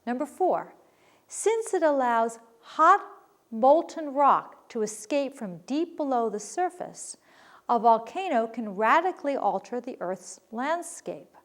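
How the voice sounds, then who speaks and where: A woman's voice: on the high side, sing-song, measured pace. A woman teaching a recorded writing lesson, patiently explaining sentence structure and reading examples aloud.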